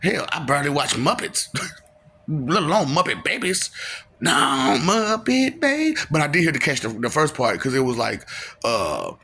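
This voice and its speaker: A man's voice: mid-range voice, sing-song, moderate pace, creaky, pushed and bright, husky. A man, talking in a casual rambling monologue and laughing often between lines. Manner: laughs often, breaks into sing-song bits and mocking voices.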